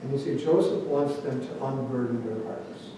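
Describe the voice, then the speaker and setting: A man's voice: mid-range voice, normal speed, background noise. A man preaching a sermon as a pastor, talking in a conversational way and acting out the voices he quotes. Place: church sanctuary. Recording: very echoey church hall, mic at a distance.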